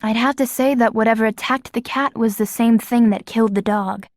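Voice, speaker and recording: A woman voicing a calm, kindly mother who speaks gently and matter-of-factly, for an audiobook. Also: a little high, a little fast, no room sound, clean studio sound, close to an everyday voice. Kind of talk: audiobook character voice.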